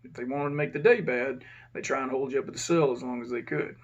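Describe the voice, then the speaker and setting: A former prison officer telling a casual, profane story and acting out the dialogue. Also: male voice, medium pitch, fast, dull audio.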